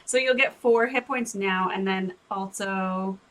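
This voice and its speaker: A woman's voice: medium pitch, unhurried, fairly bright tone, poor audio. A woman playing in a tabletop game, thinking aloud in casual chat.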